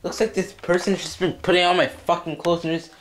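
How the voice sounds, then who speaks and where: A man's voice: high voice, flat delivery, brisk, slight background noise. A young man vlogging in a home basement, swearing constantly in a disgusted, agitated comedic skit. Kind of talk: scripted comedic vlog skit.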